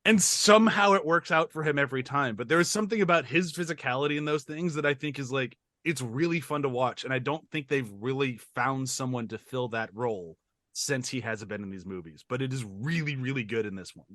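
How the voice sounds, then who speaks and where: Over-caffeinated and rambling, this podcast co-host gushes about a movie with plenty of fillers in casual discussion. He has a medium-pitched, slightly bright voice, a little fast, captured in a clean studio with no echo.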